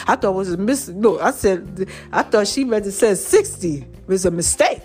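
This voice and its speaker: A woman's voice: a little high, a little fast, faint music behind. A woman hosting her own podcast, telling a personal story in a chatty, testifying way and acting out her friends' lines. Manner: chatty, testifying, quotes friends in lively voices. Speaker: podcast host.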